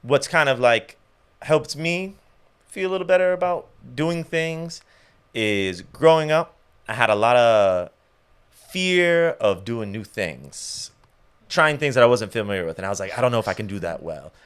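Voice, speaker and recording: A man from the United States chats as a podcast guest in a smooth, resonant voice of middling pitch. He sounds thoughtful and self-deprecating, slowing down when he reflects on his own life. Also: lively intonation, fairly bright tone. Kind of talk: casual chat.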